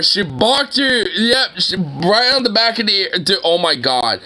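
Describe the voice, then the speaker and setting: A young man reacting to videos, excitable and exclamatory, laughing and swearing often. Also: high voice, measured pace, hardly any pauses.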